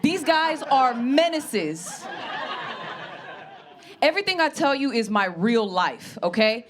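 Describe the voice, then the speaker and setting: A woman comedian telling stories in a brash, animated stand-up set. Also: high voice, slow pace, noisy background.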